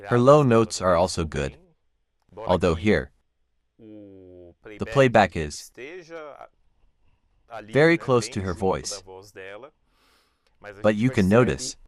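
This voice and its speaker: A man, a classical bass singer, calmly explaining vocal technique step by step while reacting to a live performance. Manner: calm, explanatory, walks through vocal anatomy step by step. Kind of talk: reaction commentary analysing singing technique.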